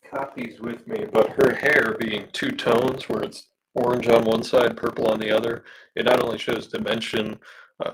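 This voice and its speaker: During a live drawing stream, a man with a gravelly, mid-range voice, worn down by smoke, chats casually. He rambles and hesitates, packs in fillers, and reads viewer comments aloud, with background noise audible.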